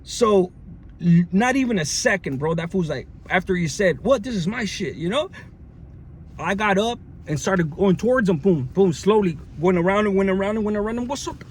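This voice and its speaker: A man recounts a story from his time in jail, casual and full of slang, with lots of fillers and restarts. His voice sits high, sounds animated, and moves at a moderate pace, over faint background noise.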